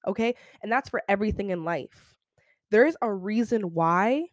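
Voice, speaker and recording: Young woman host, solo podcast, chatty and slangy, mid pitch, dry close sound. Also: dry recording. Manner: animated, slangy, keeps checking in with "okay?". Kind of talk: casual solo podcast chat.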